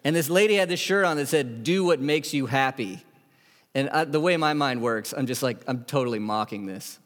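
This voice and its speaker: A man in his thirties preaching a sermon as pastor, conversational and animated, with asides and acted-out quotes. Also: mid-range voice, moderate pace. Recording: echoey hall.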